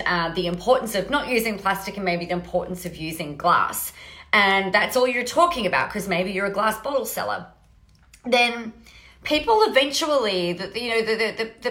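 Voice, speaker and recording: Woman podcast host, casual motivational talk, mid-pitched, echoey room. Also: sharp tone. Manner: chatty, frequent "right?" tag questions, many restarts, swears casually. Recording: roomy echo.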